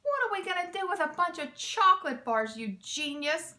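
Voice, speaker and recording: A woman's voice: extremely high pitch, sing-song, normal speed, pushed and bright, voice pushed up, heavily acted. A woman reading aloud, voicing a small, chatty male thief sidekick in a children's storybook.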